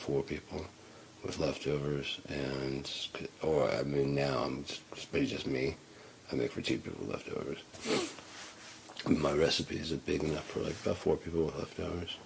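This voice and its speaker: A man with a very low voice telling a story in a loose, rambling monologue. He swears freely and flares up indignant as he talks, with a faint bed of noise behind him. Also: vocal fry. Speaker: solo podcaster.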